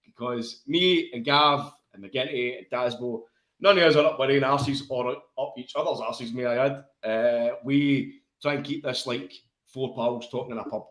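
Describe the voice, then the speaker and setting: Here a Scottish man with a Glasgow accent talks football at a moderate pace, his mid-range voice a bit bright. As a podcast co-host he's matey and blunt, swearing freely as if at the pub, and the recording echoes.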